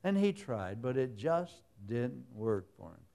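A man's voice: medium pitch, big pitch swings, a little slow, creaky, dark tone. A man preaching a sermon in a folksy, humorous way, full of everyday stories. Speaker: pastor.

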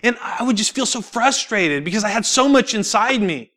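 A young man shares his testimony at church, slightly higher-pitched than most men. He tells his story with lively swings in pitch, breaks into laughter often and acts out the lines of others. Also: normal speed. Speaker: church speaker sharing testimony. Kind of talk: sermon testimony.

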